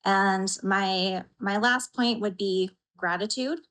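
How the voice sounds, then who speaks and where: A woman from Idaho, a patient giving an earnest, heartfelt personal account in an interview, pausing with soft fillers. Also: medium pitch, rough recording. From Idaho, USA.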